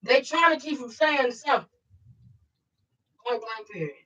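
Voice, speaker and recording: A woman's voice: on the high side, expressive, normal speed, bright, forceful tone, lo-fi sound. A woman co-hosting a podcast, reacting bluntly and emphatically with casual profanity. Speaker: podcast co-host.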